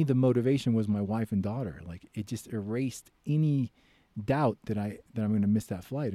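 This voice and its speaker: An American man, a podcast guest and author, telling a story in casual chat and loudly acting out the voices he quotes. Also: fairly low pitch, no echo. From United States.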